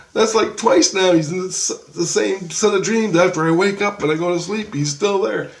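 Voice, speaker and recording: A man telling a dream story in a rambling, excitable, profane way and acting out the dialogue. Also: high voice, normal speed, vocal fry, hardly any pauses, echoey room.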